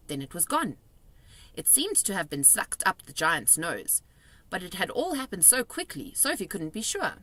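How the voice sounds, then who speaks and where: A woman reading a children's book aloud, expressive and dramatic on the exciting moments. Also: lowish voice, no echo. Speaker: storybook reader.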